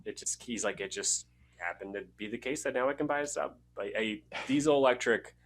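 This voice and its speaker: A man's voice: mid-range voice, brisk. A man co-hosting a podcast, talking casually in a rambling, laid-back way, swearing and laughing. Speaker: podcast co-host.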